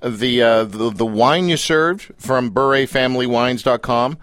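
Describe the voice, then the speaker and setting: A man hosting a radio talk show, teasing his guest with playful, deadpan jabs. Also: medium pitch, a little slow, no echo, studio quality.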